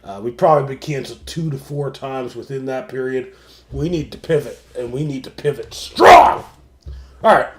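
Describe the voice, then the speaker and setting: A young man hosting a late-night sports livestream, ranting, swearing constantly and working himself up into shouting. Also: mid-range voice, a little fast. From Canada. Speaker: sports show host. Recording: roomy echo.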